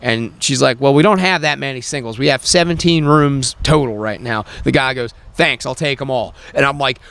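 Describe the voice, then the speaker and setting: A man co-hosting a podcast, telling a rambling, profane story in casual chat and shouting when he acts out quotes. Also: medium pitch, moderate pace, vocal fry. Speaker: podcast co-host.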